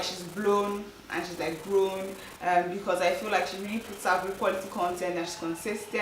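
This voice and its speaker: A woman's voice: mid-range voice, fairly bright tone, recorded from a distance. A young woman chats to her viewers in a loose, rambling vlog style, filling her sentences with "like" and "um". Her voice sits in a middling range and carries the echo of a room, picked up from a few steps away from the mic. A faint hum of ambience stays underneath. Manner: chatty, lots of "like" and "um" fillers. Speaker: travel vlogger. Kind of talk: casual chat to camera.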